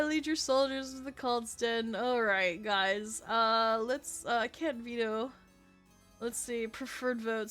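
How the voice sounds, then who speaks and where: A woman streamer chats casually with her viewers while playing, excitable and quick to laugh and swear. Her voice sits high and sounds bright and sharp. Faint music plays behind her. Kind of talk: casual live-stream gaming chat.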